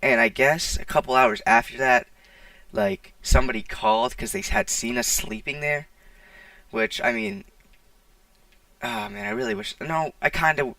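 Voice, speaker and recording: A man's voice: high-pitched, sing-song, moderate pace, creaky, pushed and bright, no room sound. A teenage boy telling a casual storytime, rambling with lots of "like" and restarts, recorded on a poor mic. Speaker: vlogger. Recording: distant, dry, poor-quality mic.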